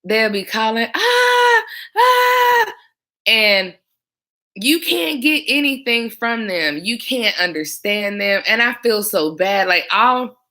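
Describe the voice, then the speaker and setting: A young woman chats casually to the camera, sharing stories from her old job as a 911 dispatcher. Her voice is smooth and calm, medium in pitch and measured in pace, growing animated whenever she acts out the callers.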